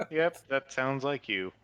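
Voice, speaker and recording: A man's voice: medium pitch, lively intonation, slow pace, a bit bright, clean tone. A man playing a tabletop game, talking in a laid-back, rambling way. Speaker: player. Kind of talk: in-character tabletop chat.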